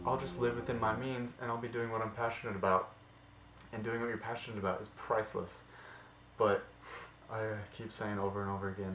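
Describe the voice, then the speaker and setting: A man's voice: on the low side, fairly bright tone, slight background noise. A man in his twenties ranting passionately to camera in a fitness vlog, blunt and swearing freely. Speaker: fitness vlogger. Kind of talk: impassioned vlog rant to camera. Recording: roomy echo with faint music.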